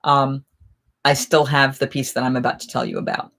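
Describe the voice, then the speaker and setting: A woman's voice: very deep voice, flat delivery, normal speed, fairly bright tone. A middle-aged woman hosting a casual live chat, telling stories in a rambling, chatty way with many restarts. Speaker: live chat host, festival performer.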